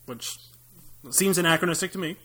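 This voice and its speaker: A young American man talks movies on a casual podcast, rambling through jokey asides. His voice sits a little high, and he laughs often as he goes. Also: fairly even intonation, brisk, pushed and bright. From United States. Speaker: podcast co-host.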